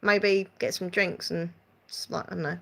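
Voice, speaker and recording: Essex woman rambling on a live stream, bright tone, giggly, chats to her viewers. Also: on the low side, fairly even intonation, normal speed, vocal fry. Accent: Essex English. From England. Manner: chatty and rambling, reads out viewer comments. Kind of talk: casual live-stream chat.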